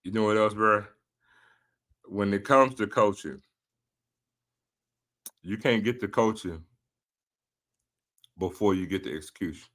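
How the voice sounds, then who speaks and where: A man co-hosting a casual sports talk show, breaking in calmly and methodically to add context. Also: lowish voice. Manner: measured, jumps in to add context.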